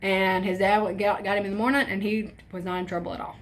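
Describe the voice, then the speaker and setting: A young woman telling a storytime tale in casual, profane, animated chat, acting out her friends' lines. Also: mid-range voice, quick pace. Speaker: storytime vlogger.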